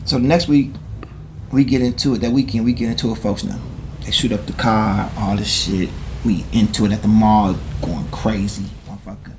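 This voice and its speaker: A man's voice: lowish voice, moderate pace. Man telling stories over background noise. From Chicago, USA. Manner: animated, slangy, profane storyteller. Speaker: guest. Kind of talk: casual storytelling in conversation. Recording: noisy background hiss.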